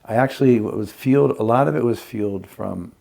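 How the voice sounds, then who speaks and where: A man's voice: mid-range voice, fairly quick, creaky, dark tone. A man who works as a conflict mediator, explaining his method reflectively in a casual podcast conversation. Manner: reflective, explains with acted examples.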